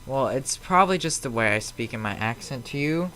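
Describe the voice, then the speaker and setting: A man's voice: medium pitch, expressive, normal speed, a bit bright, soft background music. A man streaming a flight simulator from home, chatting loosely and answering viewers' messages aloud as they come in. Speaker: flight sim live streamer. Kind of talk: casual live-stream chat.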